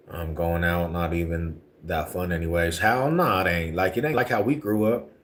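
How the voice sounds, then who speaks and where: Deep-voiced man on a slangy live stream. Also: unhurried, noisy background. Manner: laid-back slangy talk, rising to heated rants. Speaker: livestream host. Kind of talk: casual livestream chat reading viewer comments.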